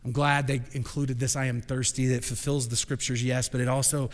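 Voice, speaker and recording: A man preaching a sermon as senior pastor, moving from quiet, hushed reflection up to shouted proclamation. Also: mid-range voice, level tone, fairly quick, in a large hall. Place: church sanctuary.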